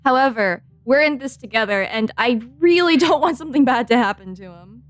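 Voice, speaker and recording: Woman streamer, playful, giggly, lively sing-song pitch, fairly high voice, faint game music behind. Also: fairly quick, no room sound. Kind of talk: casual gameplay commentary.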